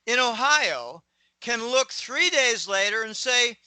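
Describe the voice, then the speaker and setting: Slow and expressive, the middle-aged Pittsburgh native speaks General American, having lost his hometown accent, in a fairly high, very bright, cutting voice. The audio is poor, dry, and close with no room sound. He rambles as an opinionated guest in a casual interview monologue, slipping into asides and clearing his throat often.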